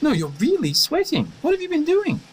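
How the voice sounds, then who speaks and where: A man's voice: extremely high pitch, huge pitch swings, slight background noise, heavily acted, rough recording. An actor playing an eccentric, inquisitive male time traveller in an audio drama. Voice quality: quick, inquisitive, playful. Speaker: lead character in an audio drama.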